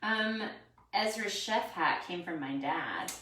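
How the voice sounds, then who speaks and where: A woman's voice: lowish voice, lively intonation, slow pace, pushed and bright. A woman co-hosting a casual home cooking video, playful and giggly, fond of wordplay. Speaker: cooking show co-host. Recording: echoey room, distant mic, faint noise.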